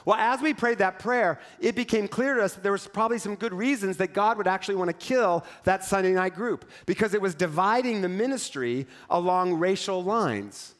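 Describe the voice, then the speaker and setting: A male pastor preaching a sermon in a conversational, wry storytelling manner with quick acted asides. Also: high voice.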